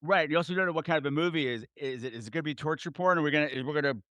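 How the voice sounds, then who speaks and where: A man with a slightly high voice tells film stories on a podcast with energy and frequent laughter. He is recorded dry and close to the mic, with no room echo. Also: rapid-fire, a bit bright. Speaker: podcast host. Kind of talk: casual podcast chat.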